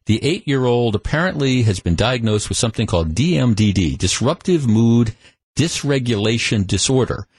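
A man's voice: mid-range voice, lively intonation, normal speed, a little mellow, breathy edge, no echo. Chatty male talk radio host. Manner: conversational storytelling with frequent restarts. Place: radio studio. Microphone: studio microphone.

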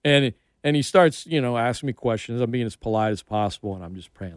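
A man's voice: mid-range voice, animated, fairly quick, clean tone, dry recording, clean studio sound. A middle-aged man hosting a casual sports radio interview, telling stories in a chatty way and acting out the people he quotes. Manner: chatty storyteller, acts out quotes. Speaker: radio host. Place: radio studio. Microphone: studio mic.

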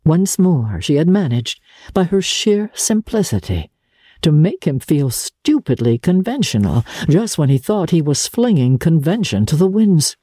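A narrator reading a classic novel aloud in a measured, even manner. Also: mid-range voice, slightly rough, dry recording, clean studio sound. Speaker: audiobook narrator. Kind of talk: literary audiobook narration.

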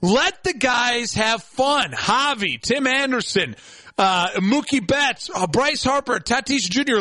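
A young man with a high, bright, forceful voice hosts an opinionated sports talk segment. He rants with rising excitement and breaks into shouting. The sound is dry and close. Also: slow pace, dry recording. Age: young adult. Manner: excitable ranting, bursts into shouting.

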